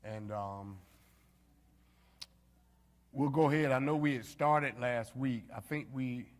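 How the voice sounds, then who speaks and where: A man's voice: medium pitch, slow. Man teaching Bible study in an echoey hall. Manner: conversational, frequent fillers, addresses the group directly. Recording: reverberant hall.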